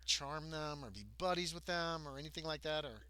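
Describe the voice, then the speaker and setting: A man's voice: a little high, a little fast, pushed and bright, smooth, no room sound. A man narrating a tabletop game as game master, rambling along with many ums and self-corrections.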